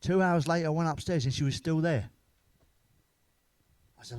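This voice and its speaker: British man, middle-aged, stand-up comedian, deadpan, crude and sweary, fairly high voice. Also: moderate pace, long pauses, smooth, dry recording. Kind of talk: deadpan joke-telling monologue.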